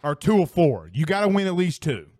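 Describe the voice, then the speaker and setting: Animated man hosting a sports show. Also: fairly high pitch, a little fast, no echo, studio quality. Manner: animated, exclaiming, swearing casually. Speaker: sports podcast host. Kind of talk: casual live-stream chat.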